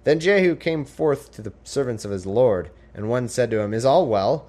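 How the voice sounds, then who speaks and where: A man's voice: medium pitch, animated, normal speed, darkish tone. A man reading the Bible aloud in a formal tone and breaking off into casual, sarcastic commentary. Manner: sarcastic asides, wry, casual. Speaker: podcast host reading scripture.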